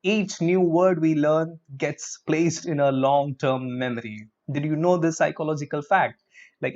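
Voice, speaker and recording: A male teacher, giving a live vocabulary lesson and drawing out words slowly to drill their pronunciation. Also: on the high side, darkish tone. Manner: drills pronunciation with slow, drawn-out repetitions. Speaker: English teacher. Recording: dull lo-fi stream audio.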